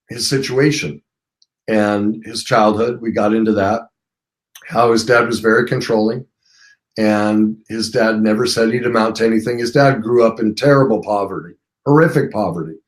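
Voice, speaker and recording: A man's voice: mid-range voice, normal speed. A man hosting a live call-in stream, casually retelling a story and acting out both sides of the conversation. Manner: conversational, retells dialogue with emphasis. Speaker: host of a live call-in show.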